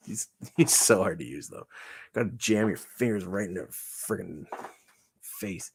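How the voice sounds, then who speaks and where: A man's voice: deep voice, animated, a little slow, creaky, breathy edge. A man making a puppet, rambling and musing aloud in casual vlog chat. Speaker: puppet maker.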